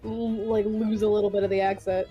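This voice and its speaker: A woman's voice: mid-range voice, little pitch movement, brisk, muffled recording, soft background music. A woman chatting casually while playing a game with friends, laughing easily and stumbling through restarts. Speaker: co-player on a game stream. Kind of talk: casual chat.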